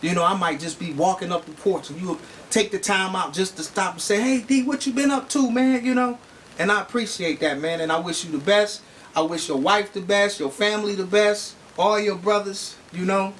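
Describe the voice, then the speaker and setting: Earnest man with a high voice. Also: fairly even intonation, brisk, fairly bright tone, a little hiss or hum. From Detroit area. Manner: earnest, heartfelt, many "you know" fillers. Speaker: rapper giving a testimony. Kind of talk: casual spoken testimony. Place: studio.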